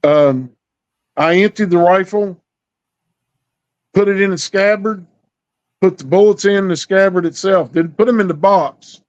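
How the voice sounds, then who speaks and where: A man's voice: high-pitched, unhurried, long pauses, a little mellow. A middle-aged man telling a story in a folksy, drawling way, acting out the dialogue. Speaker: storyteller guest. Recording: dull lo-fi recording.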